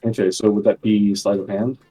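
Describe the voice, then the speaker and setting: A man's voice: on the low side, flat delivery, a little fast, warm tone, slightly rough, soft background music, low-quality recording. A man playing a tabletop game, laid-back, asking the game master questions. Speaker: player. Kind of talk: casual tabletop play.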